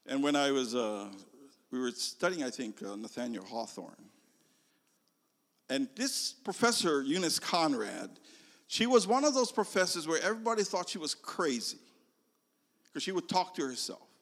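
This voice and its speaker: An older man preaching a sermon, telling a story slowly and moving between loud emphasis and hushed, near-whispered lines. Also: a little high, very animated. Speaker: pastor. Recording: long reverb of a large hall.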